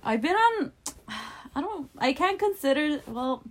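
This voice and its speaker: A woman's voice: high-pitched, very animated. A woman co-hosting a podcast, reacting to a story with short comments and laughter in casual chat. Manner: quick reactive quips and laughter. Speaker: podcast co-host.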